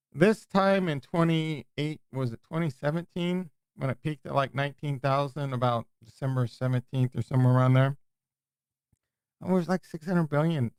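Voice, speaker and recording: Male livestream host, rough gravelly voice, chatty and rambling, dry close-mic sound. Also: fairly high pitch, dry recording. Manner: rambling, self-interrupting, chatty. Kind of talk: casual livestream chat.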